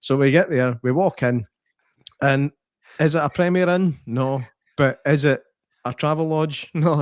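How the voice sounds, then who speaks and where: A man's voice: medium pitch, no echo. A Scottish man co-hosting a podcast, telling stories in a teasing, laughing way. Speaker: podcast co-host. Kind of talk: casual chat.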